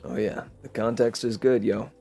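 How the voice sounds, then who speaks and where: Low-voiced man reading a story aloud. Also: normal speed, creaky, faint music behind. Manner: relaxed, chatty between passages, steady when reading. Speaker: podcast host reading stories aloud. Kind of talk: reading a short story aloud with casual asides. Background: faint futuristic city ambience.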